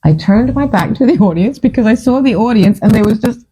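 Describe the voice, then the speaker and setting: A woman's voice: a little high, brisk, a little hiss or hum, rough recording. A middle-aged woman, a singer telling stories from her past in a casual monologue, laughing often and acting out what people said. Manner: animated, laughs often, acts out quoted voices. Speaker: singer and storyteller.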